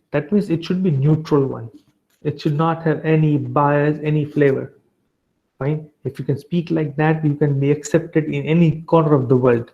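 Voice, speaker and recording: A man giving a revision lecture to a class, chatty and full of tag questions and fillers. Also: fairly high pitch. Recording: dull lo-fi sound.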